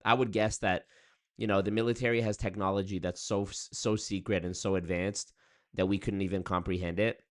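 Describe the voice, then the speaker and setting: Man, deep low voice, casual rambling stream chat, profane, young adult. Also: steady tone, normal speed.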